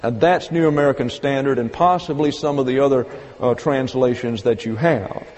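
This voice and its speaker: A man teaching an evening Bible lesson, explaining step by step and slowing down to read quotes with emphasis. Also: medium pitch, darkish tone. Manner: methodical, step-by-step explaining, slow emphatic quoting. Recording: long hall reverb.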